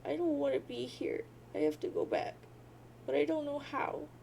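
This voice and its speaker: A woman's voice: high voice, sing-song, creaky, dark tone, slight background noise, heavily acted, low-quality recording. A woman voicing a grieving, lost teenage girl who sobs and wails. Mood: distraught. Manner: sobbing, wailing drawn-out boo-hoos.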